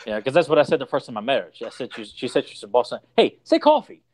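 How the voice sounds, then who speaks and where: A man's voice: medium pitch, very fast, a little mellow. A man co-hosting a casual podcast chat, cracking jokes and quoting and mimicking people. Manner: joking, quotes scenes and mimics people. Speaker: podcast co-host.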